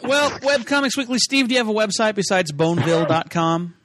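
A man's voice: high-pitched, fairly even intonation, brisk. A man co-hosting a podcast in casual chat, joking and teasing. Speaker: podcast co-host. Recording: noisy background with clicks.

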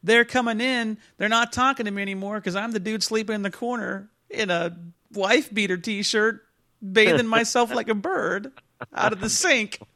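A man's voice: sits high, normal speed, pushed and bright. A man co-hosting a podcast, rambling through comic stories in casual chat. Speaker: podcast co-host.

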